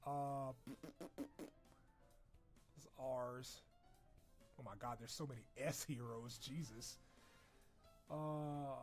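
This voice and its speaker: A young man chatting casually on a stream in a loose, profane, jokey way, breaking into laughter. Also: a little high. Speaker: streamer reacting to a character wishlist. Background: video game music playing.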